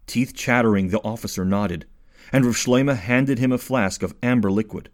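A man narrating a story in clear, expressive scripted audiobook style. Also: mid-range voice, moderate pace.

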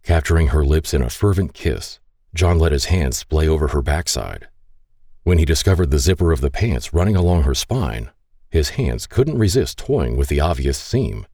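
A man narrates a romance audiobook in an extremely deep, husky voice. His intonation rises and falls in a lively way, and the tone stays dark and mellow. The recording is dry and close. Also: normal speed, dry recording.

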